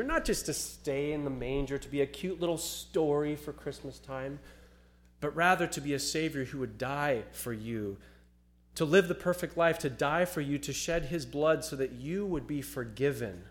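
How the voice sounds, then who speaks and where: A man preaching an earnest Christmas sermon as a pastor, growing louder when he reads scripture. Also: mid-range voice.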